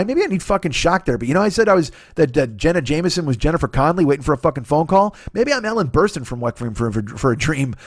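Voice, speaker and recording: A man in his forties hosting a solo comedy podcast, talking in a profane, rambling, self-deprecating monologue and acting out quoted voices with sudden pitch jumps. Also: no room sound, studio quality. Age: 40s. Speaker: podcast host.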